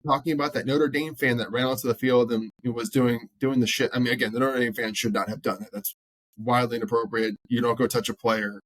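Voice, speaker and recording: A man's voice: medium pitch, fairly quick, no room sound. Blunt, swearing podcast co-host man. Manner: blunt, animated, swears freely, acts out quotes. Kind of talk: casual sports chat.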